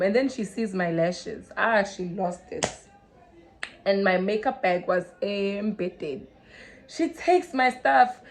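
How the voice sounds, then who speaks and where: A young South African woman telling a story in a casual, animated way, mixing Zulu into English and swinging from loud to hushed. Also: medium pitch. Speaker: vlogger.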